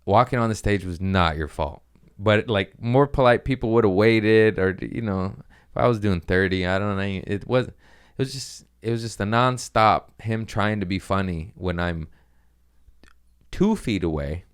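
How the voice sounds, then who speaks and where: Deep-voiced man telling a profane story. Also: a little slow, clean tone. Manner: profane, rambling, animated storytelling. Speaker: podcast host, comedian. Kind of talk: casual storytelling.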